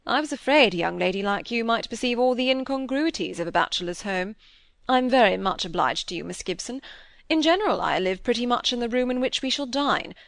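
A woman voicing a smooth, courteous bachelor gentleman in an audiobook reading, probing with polite questions. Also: a little high, no echo, studio quality.

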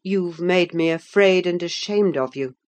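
Woman doing a mild young gentleman, quiet and subdued, slow, storybook. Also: lowish voice, muffled recording, lightly acted. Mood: hurt. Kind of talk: audiobook character reading.

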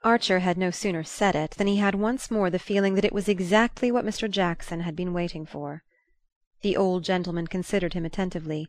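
A woman reading a novel aloud as an audiobook narrator, in a measured, even manner. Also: fairly low pitch.

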